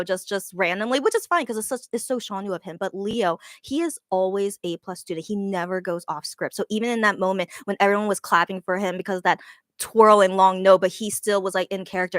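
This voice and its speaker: A woman's voice: mid-range voice, a bit bright, no room sound, clean studio sound. A woman casually recapping a live show she saw, gushing and rambling with lots of fillers and restarts.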